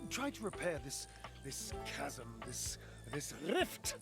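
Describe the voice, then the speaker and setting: A man's voice: fairly high pitch, huge pitch swings, takes it slowly, full character voice. An actor playing a verbose, theatrical man in a dating game, melodramatic and self-pitying, heard over game music. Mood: pleading.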